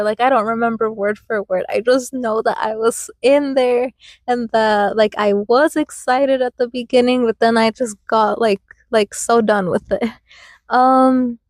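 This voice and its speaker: Slow-talking young woman telling stories. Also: a little high, darkish tone, dry recording. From United States. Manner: chatty, laughs often, many likes and fillers. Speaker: podcast host. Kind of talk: casual storytelling.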